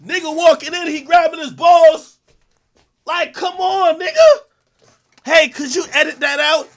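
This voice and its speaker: A man from Jamaica hosting his own show, delivering a profane, aggressive, confrontational rant and often breaking into shouts. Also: very high-pitched, fairly even intonation, measured pace. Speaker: host. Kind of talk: ranting livestream commentary.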